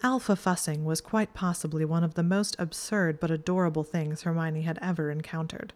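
A woman reading fan fiction aloud as an audiobook, with even, steady storytelling. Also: sits low, a little fast. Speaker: reader.

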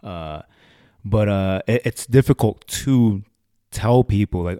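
A man's voice: lowish voice, takes it slowly, warm tone, no echo, studio quality. A man who coaches fitness clients, talking loosely on a podcast with lots of fillers. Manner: loose and conversational, frequent fillers. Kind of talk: casual podcast chat.

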